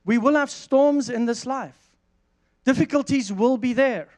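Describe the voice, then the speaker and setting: A man preaching a sermon, reading verses and telling a lively personal story with frequent restarts. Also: very high-pitched, a little slow. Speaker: pastor.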